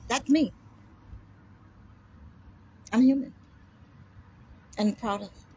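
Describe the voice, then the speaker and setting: A woman's voice: on the high side, a little hiss or hum. A woman delivering a defiant, profane rant to camera, combative and emphatic, repeating words for force. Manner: combative, heavy swearing, defiant.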